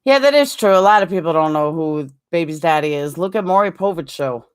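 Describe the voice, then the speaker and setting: A middle-aged woman hosting a casual live-stream chat, rambling and animated, answering viewers with frequent ums and quick asides. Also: smooth. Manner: animated, jumps higher when acting out quotes.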